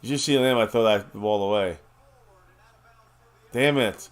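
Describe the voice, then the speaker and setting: A man's voice: lowish voice, a little slow. A man hosting a fan watch party, calling plays as they happen, frustrated and swearing freely. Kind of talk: casual play-by-play reaction.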